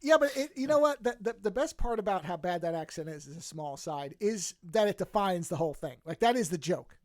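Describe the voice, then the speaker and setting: A man's voice: high voice, animated, fairly quick, no echo, clean studio sound. A man hosting a podcast, with a light New York accent, chatting casually and rambling through restarts and asides. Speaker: podcast host.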